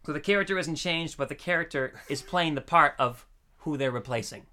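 A man's voice: fairly high pitch, a little fast, sharp tone. A man hosting a casual podcast chat, talking loosely, laughing often and tripping over repeated words. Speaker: podcast host.

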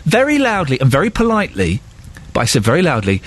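A man's voice: on the high side, wildly swooping pitch, fast talker. A man hosting a radio phone-in show, chatting and telling jokey stories with a wry tone. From England. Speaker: radio presenter. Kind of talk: casual radio chat. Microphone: studio microphone.

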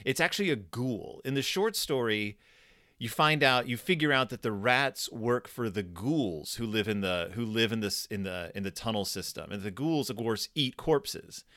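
A man's voice: on the low side, animated, moderate pace, fairly bright tone, dry recording, studio quality. A man co-hosting a casual podcast chat, rambling with laughs and restarts. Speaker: podcast co-host. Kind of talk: casual chat reviewing a horror episode.

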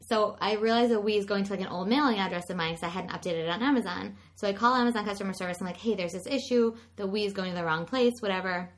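A woman's voice: medium pitch, quick pace, hardly any pauses. Chatty woman podcast host. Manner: chatty, expressive storyteller. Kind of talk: casual chat.

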